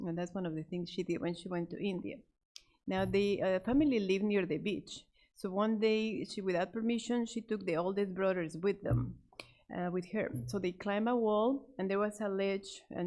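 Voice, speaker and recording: A woman telling a missionary story to a church class, speaking off the cuff with fillers and restarts and voicing the characters' lines. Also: moderate pace. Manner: animated, acts out the quoted characters with raised pitch; many fillers and restarts, unscripted. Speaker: Sabbath School storyteller.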